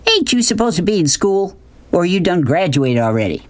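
A big, pushy man who hollers and hoots his words in a folksy drawl, as a male narrator puts him on. He pitches it high and loud. It is an audiobook character reading. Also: sing-song, moderate pace. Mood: hooting.

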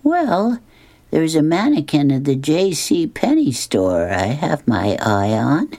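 A man's voice: a little high, huge pitch swings, slow, creaky, darkish tone, voice pushed up, full character voice. A man voicing a dry-witted elderly wife from a comic strip in a raised, put-on voice. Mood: sly.

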